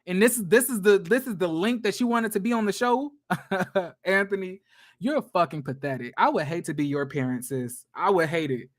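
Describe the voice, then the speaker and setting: A high-pitched man recaps a reality TV show in a casual way. He's blunt, profane and gossipy, animated throughout and quick to laugh.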